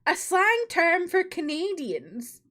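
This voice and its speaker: A woman's voice: very high voice, wildly swooping pitch, slow, fairly bright tone. A woman gaming streamer chatting in amused asides during a playthrough. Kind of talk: casual playthrough commentary.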